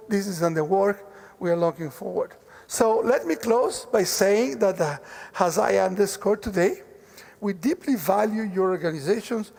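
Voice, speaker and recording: A man, the president of an institution, giving a measured formal speech at a forum and pausing to restart while he lists colleagues. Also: sits high, creaky, darkish tone. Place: large conference hall. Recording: reverberant conference hall.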